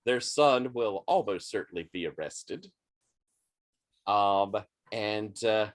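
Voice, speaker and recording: A man running a tabletop roleplaying game as game master, narrating scenes in a measured, descriptive way. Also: lowish voice, lively intonation, no echo, studio quality.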